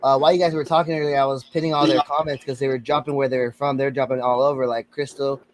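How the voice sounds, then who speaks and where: A man co-hosting a live chat, excitable and quick to laugh. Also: mid-range voice, slight background noise, low-quality recording. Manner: excitable, laughing, bursts of speed. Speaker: co-host. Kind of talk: casual chat.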